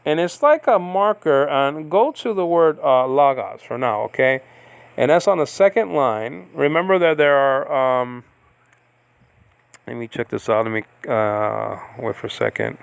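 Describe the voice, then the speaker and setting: A man's voice: on the high side, vocal fry, clean tone, no room sound. A man teaching a recorded Greek lesson, explaining step by step with many fillers and frequent checks that the listener follows. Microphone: recording on a device he operates.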